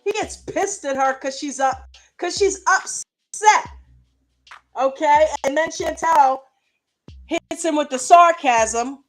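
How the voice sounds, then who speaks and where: Woman, high voice, recap host, indignant and profane, faint music underneath. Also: slow pace, pauses often. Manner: passionate, indignant, swears freely. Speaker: reality show recap host. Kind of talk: reaction recap commentary.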